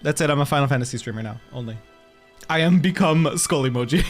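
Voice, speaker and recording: Young guy streamer, jokey chatty, kinda high voice, faint music behind. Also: fast. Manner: chatty, joking, reacts to chat. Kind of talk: casual game streaming commentary.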